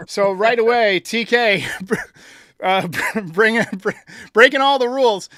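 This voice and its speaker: A man hosting a sports podcast, talking in an energetic, upbeat way and laughing easily. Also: high voice, slow pace, clean tone, no echo, clean studio sound. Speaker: podcast host. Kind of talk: casual sports podcast talk.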